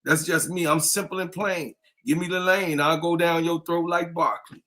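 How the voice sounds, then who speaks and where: A man co-hosting a sports talk stream, pitched a little higher than most men. He talks casually and hypes the audience, piling up repeated shout-outs and calls to subscribe. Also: little pitch movement, normal speed. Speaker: podcast co-host. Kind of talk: casual livestream chat.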